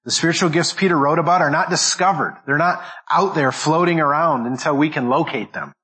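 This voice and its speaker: A man's voice: a little high, a little fast, pushed and bright, poor audio. A man preaching a sermon as pastor, stressing each word and often repeating and restarting phrases as he goes. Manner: restarts and repeats words while thinking aloud.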